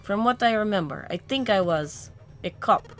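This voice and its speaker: A woman voicing a troubled grown man with lost memories, an ex-cop, reading a visual novel aloud in a halting, searching way. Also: mid-range voice, lively intonation, faint music behind, lightly acted. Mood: explaining.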